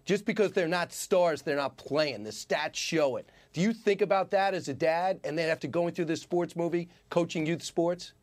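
A man's voice: fairly high pitch, normal speed, hardly any pauses. A man hosting an interview, asking pointed, joking questions. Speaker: interview host. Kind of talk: casual interview.

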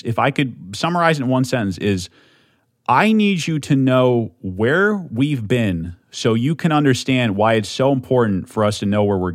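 A man's voice: medium pitch, dry recording, studio quality. A young man hosting a solo podcast, talking in an amped, rambling way with lots of swearing and restarts at a desk mic. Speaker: podcast host.

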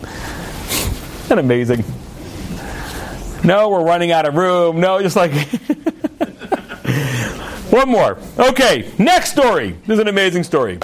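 A man spins stories for a gathered audience. His voice sits high and swoops widely as he acts out each character's words. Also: takes it slowly, pauses often, slight background noise. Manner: animated storyteller, acts out characters' lines. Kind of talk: storytelling talk to an audience.

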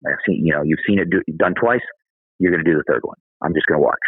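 Deep-voiced, husky man, a candid podcast guest telling a story, thin phone-line sound. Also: fast, no room sound. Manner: candid, conversational, says "dude". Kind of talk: casual storytelling.

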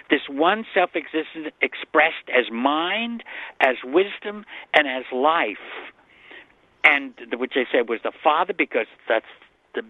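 A man's voice: medium pitch, no echo. A man as a guest scholar on a call-in radio show, explaining scripture earnestly and often restarting his sentences. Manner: earnest, explanatory, repeats himself. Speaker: guest Bible scholar answering callers. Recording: dry phone-line sound.

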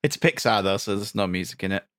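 A man's voice: on the low side, fast talker, a bit bright, no room sound, studio quality. A man co-hosting a podcast, talking in a laid-back, trailing way. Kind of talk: casual chat.

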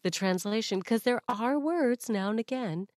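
A young woman from Canada, a comedian guest on a podcast, joking and chatting in an animated, rambling way. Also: a little high, normal speed, no echo, clean studio sound. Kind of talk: casual chat.

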